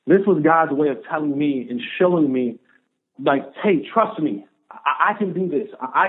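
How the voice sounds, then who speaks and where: A man in his thirties, a guest on a podcast, telling a personal story in an animated way and acting out the voices of the people in it. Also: fairly high pitch. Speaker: podcast guest, former pro football player. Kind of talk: storytelling in an interview. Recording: narrow phone-like sound.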